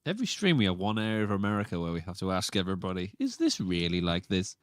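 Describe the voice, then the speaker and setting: A man's voice: deep voice, wildly swooping pitch, fast, clear, resonant tone, no echo, studio quality. A man on a band's livestream, chiming in with playful jokes and banter. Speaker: band member on a livestream. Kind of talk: casual banter.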